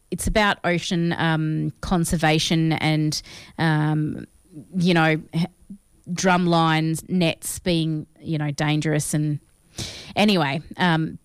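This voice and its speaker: An Australian woman co-hosting a podcast, chatting casually about films in an animated, self-deprecating way. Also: deep voice, slow, clear, resonant tone, no echo, clean studio sound. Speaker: podcast co-host.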